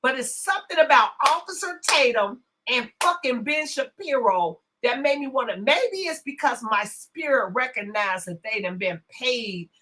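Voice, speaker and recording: Brash, animated woman livestream host. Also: on the high side, normal speed, few pauses. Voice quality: brash, profane, swings from loud to hushed asides. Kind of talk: casual livestream rant.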